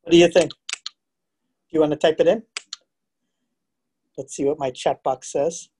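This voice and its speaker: A man presenting a live virtual lecture for a museum program, chatty and animated, asking his audience questions and telling stories, heard through a computer mic on a video call. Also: on the high side, moderate pace, slight background noise.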